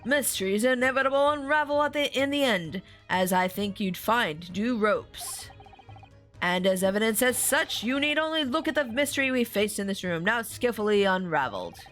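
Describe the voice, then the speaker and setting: A woman's voice: on the high side, animated, normal speed, fairly bright tone, soft background music. A woman voicing a pompous, self-satisfied male Victorian detective with theatrical declaiming.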